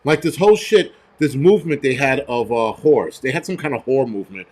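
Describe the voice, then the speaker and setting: A man's voice: medium pitch, expressive, a little fast, a little mellow. A man who works as a firefighter hosts a livestream, ranting bluntly and profanely and telling stories from work. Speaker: host and firefighter. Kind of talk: livestream rant and storytelling.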